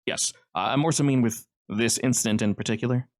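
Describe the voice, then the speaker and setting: A man's voice: medium pitch, brisk. A man narrating as game master, casual and loose, with lots of fillers.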